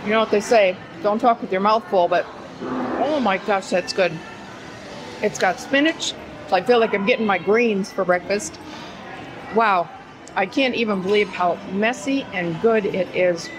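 A woman's voice: mid-range voice, normal speed, background noise. A woman hosting a casual food vlog, chatting enthusiastically and narrating between stops. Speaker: host of a cooking channel.

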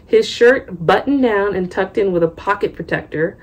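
A woman's voice: medium pitch, normal speed. A young woman reading a memoir aloud at home, breaking off for chatty asides. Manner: chatty, loose asides between read passages. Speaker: book reader and vlogger. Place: home room.

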